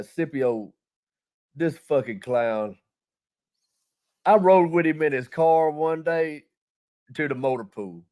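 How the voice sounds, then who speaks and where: A man's voice: a little high, a little mellow. A man telling a rambling army story in casual chat, heavy on profanity and fillers.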